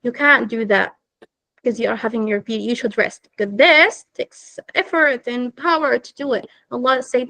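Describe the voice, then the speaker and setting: A woman teaching an online class to girls, explaining simply, gently and patiently. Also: fairly high pitch, steady tone, moderate pace, creaky, dry recording, rough recording. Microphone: video call.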